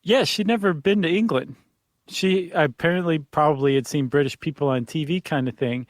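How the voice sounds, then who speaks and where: A man's voice: fairly high pitch, moderate pace, dry recording, clean studio sound. A man co-hosting a podcast in casual chat, explaining things thoughtfully. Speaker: podcast co-host.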